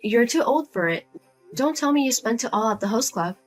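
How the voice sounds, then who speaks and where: A woman playing a fed-up grown daughter who speaks flatly and firmly to her pushy mother in a narrated drama. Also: fairly high pitch, fairly quick, faint music behind. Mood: accusing. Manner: flat, firm, cold and blunt. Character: Lizzie, grown daughter, cool, blunt, fed up.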